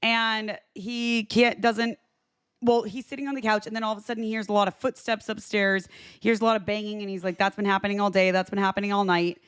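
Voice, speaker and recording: A young adult woman, a podcast co-host, giggling and animated as she retells scenes during a casual watch-party chat. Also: mid-range voice, quick pace, smooth, dry recording.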